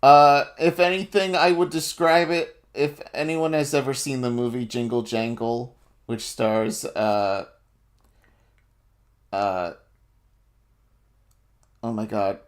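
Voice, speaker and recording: A man's voice: mid-range voice, fairly even intonation. A man narrating as game master of a tabletop game, rambling and laughing through his descriptions. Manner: slow, rambling descriptions with many fillers and laughs.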